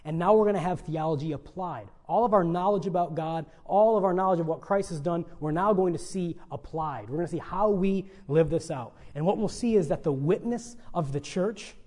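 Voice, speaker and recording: Man, pastor, sermon, earnest, pleading, rises and drops in force, fairly high voice. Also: moderate pace, darkish tone. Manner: earnest, pleading emphasis with dynamic swings.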